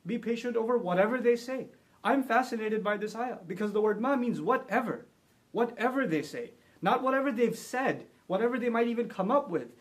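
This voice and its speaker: High-voiced man giving an earnest sermon. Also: expressive. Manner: builds to emphatic, rising delivery when quoting scripture; murmurs honorifics quickly and softly. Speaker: Islamic speaker. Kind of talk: short religious talk.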